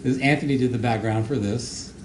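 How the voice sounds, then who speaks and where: Guy rambling through a commentary track, lots of uh's and restarts, echoey room, bit of hiss. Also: medium pitch. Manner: rambling, halting with many fillers and repeated words. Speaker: show creator giving commentary. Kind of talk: casual audio commentary. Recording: echoey room with faint noise.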